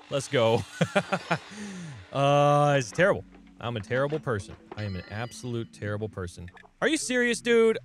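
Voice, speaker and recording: A young man commenting on a game as he plays it, talking to viewers and yelping and laughing at surprises. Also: medium pitch. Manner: excitable, talks to viewers, yelps and laughs at surprises. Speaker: gaming channel host. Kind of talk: let's play commentary.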